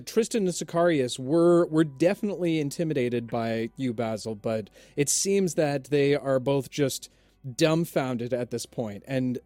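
A man running a tabletop game as game master, relaxed with many fillers. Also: medium pitch, no room sound. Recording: dry, with faint music.

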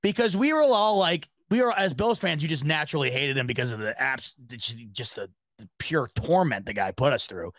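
A man hosting a sports podcast, chatting casually and telling stories in a rambling, animated way. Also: fairly high pitch, fairly quick, no echo. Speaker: podcast host.

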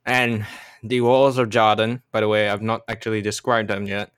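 A man narrating as game master for a tabletop game, relaxed and swearing casually, restarting his phrases as he describes the scene. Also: on the low side, moderate pace, clean tone, dry recording, clean studio sound.

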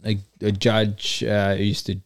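A man, a podcast guest telling a story slowly and jokily, with many fillers. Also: on the low side, monotone, no room sound, clean studio sound. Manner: slow, hesitant, jokey storytelling with many fillers. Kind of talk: casual podcast chat.

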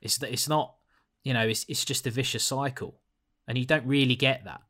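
Man, bright edgy tone, blunt, sweary, casual film-review chat. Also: mid-range voice, fairly even intonation, brisk. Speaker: podcast co-host reviewing a film.

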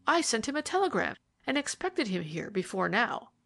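Frantic, urgent male banker in a storybook reading, pitched up high when he cries out, as a woman reader puts him on. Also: sing-song, normal speed, gravelly, a bit bright, exaggerated voice. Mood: alarmed. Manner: urgent, exclaiming.

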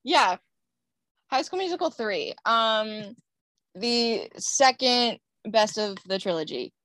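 A woman's voice: a little high, expressive, takes it slowly, fairly bright tone, dry recording. A young woman co-hosting a podcast, with a slight twang and an announcer-like voice, chatting casually. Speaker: podcast co-host. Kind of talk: casual chat.

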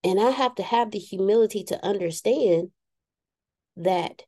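A woman co-hosting a talk show on spiritual journeys, frank and self-mocking. She drifts into preacher-like asides as she talks. Her voice is mellow and dark, at an ordinary middle pitch. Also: a little slow. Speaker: podcast co-host.

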